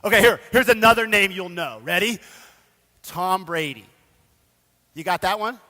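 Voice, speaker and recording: Man, pastor, casual animated sermon, bright voice, reverberant church hall. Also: high voice, moderate pace. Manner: casual, animated storytelling with slang. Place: church sanctuary.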